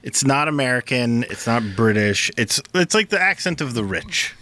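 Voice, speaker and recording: A man's voice: mid-range voice, expressive, normal speed, sharp tone. A man co-hosting a casual podcast, quizzing his partner and explaining things playfully. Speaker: podcast co-host. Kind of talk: casual chat.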